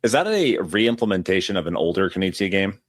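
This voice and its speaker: A man's voice: deep voice, very animated, brisk, no room sound, clean studio sound. A man co-hosting a board game podcast in casual chat, playful and rambling as he tells stories. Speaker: podcast co-host.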